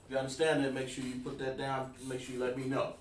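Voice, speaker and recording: A man teaches a counting class in an easygoing, chatty way, circling back over his own phrases and dropping "man" into his sentences. His voice is mid-pitched and sounds far from the mic. The room around him is noticeably echoey. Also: monotone, quick pace, slight background noise. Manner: informal, repeats phrases, says "man" often, chuckles. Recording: roomy, distant mic.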